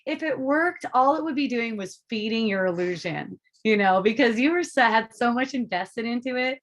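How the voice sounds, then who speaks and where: A woman's voice: on the high side, expressive, moderate pace. A woman hosting a casual live group talk, rambling, swearing freely and breaking into laughter often. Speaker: host of a spiritual dialogue group.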